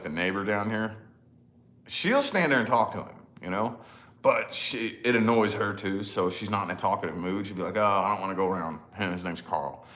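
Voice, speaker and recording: A man's voice: fairly low pitch, a bit bright. A man in his thirties chatting casually to camera, rambling and laughing at himself, with lots of "you know?". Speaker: vlogger, father.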